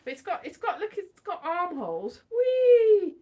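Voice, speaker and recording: Woman, livestream host, high voice, very lively pitch, playful and rambling. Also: brisk. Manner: chatty, playful, rambling with sing-song bursts. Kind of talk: casual livestream chat.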